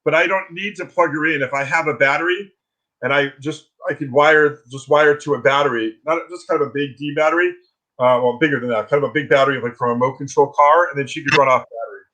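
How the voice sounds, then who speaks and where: A man with a slightly high voice talks as a guest on a video call. He tells anecdotes in a lively way, often restarting phrases. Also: quick pace, low-quality recording. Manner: animated storytelling with restarts. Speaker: guest, philosophy teacher. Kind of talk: casual interview talk.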